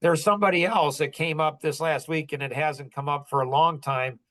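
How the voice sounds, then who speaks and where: A man's voice: fairly high pitch, fairly even intonation, moderate pace, fairly bright tone. A man in his sixties telling personal stories in a casual, reflective podcast chat, earnest and rambling, often saying "like". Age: 60s. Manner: earnest, rambling, heavy use of "like". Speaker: podcast host.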